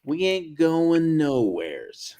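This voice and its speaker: A man hosting a live video call discussion, assertive and quick to cut in. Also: on the high side, wildly swooping pitch, dark tone. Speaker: host.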